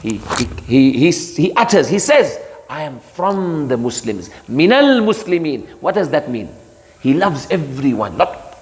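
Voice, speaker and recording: A man giving a sermon of Quran commentary, emphatic, rising into high rhetorical challenges and chanting Arabic verses. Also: big pitch swings, a little slow. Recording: long hall reverb.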